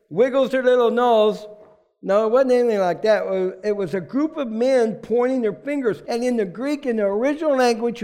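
A male pastor gives a loose, conversational sermon in a fairly high voice with a rough, gravelly edge. He is emphatic and informal, and at times he sinks into a quiet, heartfelt hush. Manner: informal and emphatic, drops to a hushed, emotional tone.

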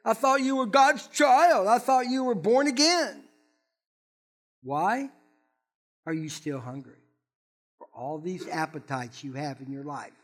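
Hissing devil, taunting and needling, fairly high voice, as a preacher puts him on. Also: male voice, a little slow, long pauses. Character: scheming male devil, taunting tempter.

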